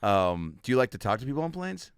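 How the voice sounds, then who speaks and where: A man in his thirties with a medium-pitched, clean voice hosts a podcast, chatting casually and talking fast. He's an animated storyteller who acts out the voices in his stories.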